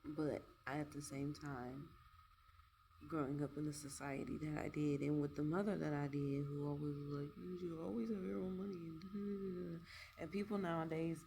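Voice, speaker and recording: A woman talking frankly and reflectively to camera about her life, pausing with fillers as she works through her thoughts. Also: deep voice, darkish tone, slight background noise. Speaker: vlogger. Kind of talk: candid personal monologue.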